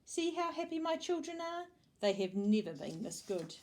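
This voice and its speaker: Woman doing a shrill, excitable storybook mother. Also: moderate pace. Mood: excited. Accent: New Zealand. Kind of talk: storybook read-aloud.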